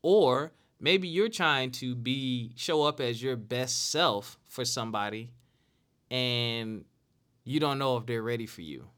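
A man's voice: mid-range voice, slow pace, fairly bright tone. A man in his late thirties hosting a casual solo talk show, earnest and repeating phrases for emphasis. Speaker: podcast host.

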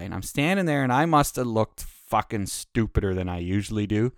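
A male truck driver spins a rambling, swear-filled story in an easy, casual way. His voice is smooth and clear, and the sound is dry with no room echo. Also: mid-range voice, lively intonation, fast talker, few pauses. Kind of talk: casual anecdote.

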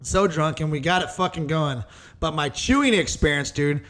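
A man's voice: on the high side, moderate pace, fairly bright tone. A young man co-hosting a podcast, telling stories in a profane, casual way and saying "dude" often. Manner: profane, storytelling, says "dude" a lot. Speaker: podcast co-host. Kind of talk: casual chat.

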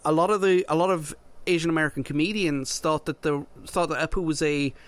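A man's voice: on the high side, fairly quick, no room sound. A man co-hosting a podcast in casual chat, often restarting and repeating his words. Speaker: podcast co-host.

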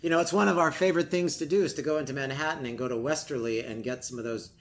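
A man's voice: fairly high pitch, very fast, a little hiss or hum. A man co-hosting a show in a casual, upbeat chat, teasing his partner. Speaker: co-host.

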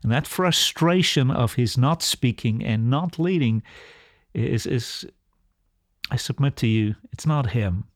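A man preaching a short sermon in an earnest, halting way, often repeating words as he goes. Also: medium pitch, lively intonation, no room sound, clean studio sound.

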